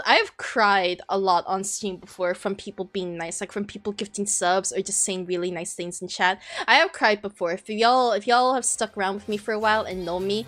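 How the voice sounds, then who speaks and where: With faint background music playing, a young vtuber rambles through a casual live stream in a fairly bright, mid-range voice. She sounds flustered, often restarting her sentences and apologizing.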